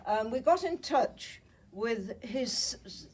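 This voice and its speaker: An older woman from Germany gives a slide talk to an audience, with a husky, slightly breathy voice and the thickness of a cold. She speaks in a chatty way and often checks in with her listeners. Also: fairly high pitch, lively intonation, slow, a little mellow, recorded from a distance, low-quality recording. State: has a cold. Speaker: Holocaust survivor speaker.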